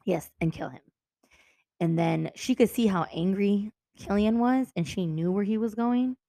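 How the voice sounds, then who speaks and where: A woman's voice: medium pitch, unhurried, gravelly, warm tone, no room sound. A woman co-hosting a casual book podcast, recapping the story with laughter and acting out the characters. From Texas. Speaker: podcast co-host.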